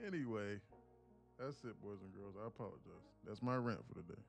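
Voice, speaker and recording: A man's voice: fairly low pitch, brisk, vocal fry, faint music behind. A man hosting a live day-trading stream, talking casually and profanely to his chat. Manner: laid-back, profane, addresses chat as guys. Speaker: day-trading livestream host. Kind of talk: casual livestream commentary.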